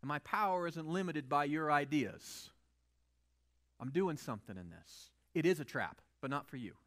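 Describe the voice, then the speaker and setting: A man voicing God as a calm, assured deity speaking to his people in a sermon retelling. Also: a little high, normal speed, voice pushed down. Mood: reassuring.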